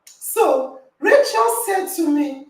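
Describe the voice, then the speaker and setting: A woman hosting an online podcast call, telling a story with animated reenacted dialogue and laughter. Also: extremely high pitch, slow pace, recorded from a distance. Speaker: podcast host. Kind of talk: lively online group call chat. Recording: roomy echo, voice from off-mic.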